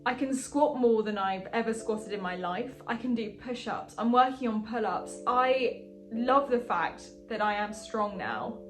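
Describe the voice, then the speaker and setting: A young woman in her twenties speaks straight to her viewers in a casual vlog, earnest and chatty, with lively asides. Her voice sits a bit high. Music plays clearly under her talk. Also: measured pace. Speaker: vlogger. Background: background music.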